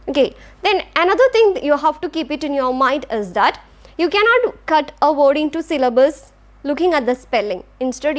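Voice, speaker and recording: A woman with a high voice and an Indian English accent gives a recorded English lecture. She explains patiently, sounding out example words syllable by syllable. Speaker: English teacher. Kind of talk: classroom lecture.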